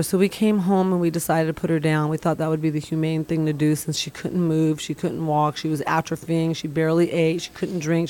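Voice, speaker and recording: A middle-aged Middle Eastern woman tells a long personal testimonial as casual storytelling. Her voice is low-pitched with a darkish tone, and she speaks earnestly, rambling with many fillers.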